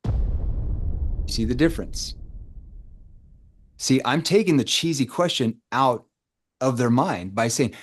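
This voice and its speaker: A man with a mid-range voice and normal speed runs a live sales coaching session over a video call. As the trainer, he keeps quizzing the group with rhetorical questions.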